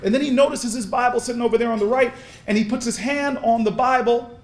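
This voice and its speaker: A man giving an impassioned, preacher-style speech at a convention, telling stories with repeated words and building to shouts. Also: very high-pitched, fast talker. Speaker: speaker at a convention. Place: large convention hall.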